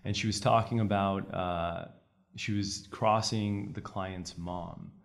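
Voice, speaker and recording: Young male lawyer, low voice, energetic and brisk storytelling. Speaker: trial lawyer guest. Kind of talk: conversational podcast interview.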